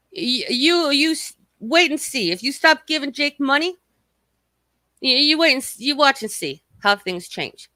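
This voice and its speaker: A woman's voice: mid-range voice, bright, forceful tone, no echo. A woman hosting a livestream from home, ranting in a heated, sarcastic and profane way at other streamers. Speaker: livestream host.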